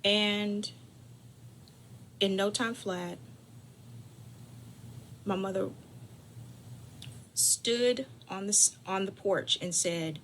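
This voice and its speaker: A woman telling a family story to her audience in a bright, forceful voice. She talks straight to her listeners, plays up the drama, and sometimes sinks to a whisper for effect. A faint hum sits behind her. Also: mid-range voice, extremely slow, pauses often. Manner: lively, dramatic storyteller who drops to whispers for suspense; chatty, addresses listeners directly. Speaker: caregiving channel host. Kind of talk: personal storytelling.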